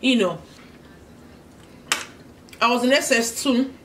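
A woman from Nigeria with a Nigerian English accent, hosting a casual mukbang, telling a story while eating and humming over her food. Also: a little high. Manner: chatty and storytelling, pausing to eat with hums of enjoyment. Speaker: vlogger, host of the channel. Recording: slightly distant mic with faint background noise.

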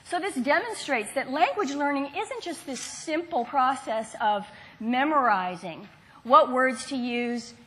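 A woman's voice: sits high, expressive, a little slow, pushed and bright. A woman from the Southern United States giving a university lecture, engaging and quizzing her audience.

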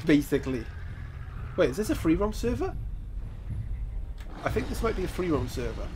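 A man's voice: a little high, sing-song, a little fast, music in the background. A man with a congested, nasal voice from a cold, giving chatty gameplay commentary and exclaiming at mishaps. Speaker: gaming YouTuber.

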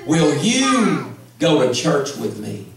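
A male evangelist spins a comic story in an animated, folksy manner. His voice comes from a distance and rings through a big, echoey sanctuary. The congregation is audible around him. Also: a little high, slow pace. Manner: humorous, folksy, animated storyteller who acts out quoted voices. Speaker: evangelist preacher. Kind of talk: storytelling sermon. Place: large church sanctuary with congregation. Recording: echoey church hall, mic far off, crowd audible.

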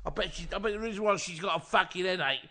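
A man's voice: sits high, very fast, sharp tone. A man co-hosting a crude comedy podcast, swearing freely and egging his partner on. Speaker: podcast co-host.

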